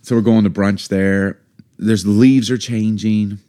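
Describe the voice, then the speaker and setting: A middle-aged man co-hosting a podcast, chatting and joking with his wife in animated banter. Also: lowish voice, a little slow, clear, resonant tone. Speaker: podcast co-host. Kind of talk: casual chat.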